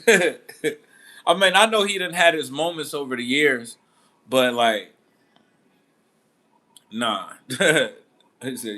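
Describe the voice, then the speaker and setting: Bright-voiced man telling a story casually. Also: mid-range voice, slow, long pauses. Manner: animated storytelling, acting out quotes; laid-back, laughing. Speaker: boxing channel host. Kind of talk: casual commentary.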